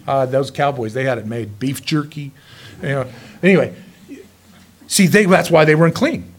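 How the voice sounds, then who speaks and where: A male pastor preaching a sermon in a folksy, joking way, telling stories lively and chuckling often. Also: fairly high pitch, moderate pace, pauses often. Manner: lively storytelling.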